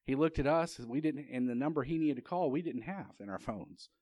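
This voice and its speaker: A man's voice: medium pitch, fairly quick, a little mellow, dry recording, muffled recording. A man preaching a sermon. He tells a personal story in a conversational way, often restarting his sentences, and asks the congregation rhetorical questions.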